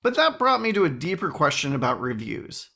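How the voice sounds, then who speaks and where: A man's voice: fairly high pitch, very animated, a little fast, vocal fry, bright, forceful tone. A man hosting a solo podcast, chatting in a wry, rambling way with frequent asides. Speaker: podcast host.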